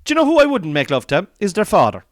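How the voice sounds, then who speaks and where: A man's voice: high-pitched, huge pitch swings, quick pace, no room sound, clean studio sound. Jokey Irish man on a podcast. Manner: jokey, laughing, rambling. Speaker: podcast host. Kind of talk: casual podcast banter.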